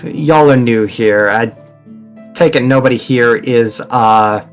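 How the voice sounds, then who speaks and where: A man's voice: mid-range voice, slow, faint music behind, natural voice. A man voicing a stressed, tired woman in a tabletop game, drawling and weary.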